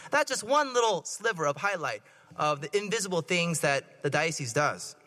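Very animated but at a normal speed, the man speaks in a fairly high, pushed and bright voice while giving a playful church sermon. He jokes and keeps asking the congregation questions, all under long hall reverb.

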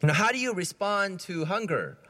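A man's voice: high-pitched, expressive, a little fast, bright, forceful tone. A man giving a conversational homily, asking his listeners questions and often repeating his words as he goes. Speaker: preacher.

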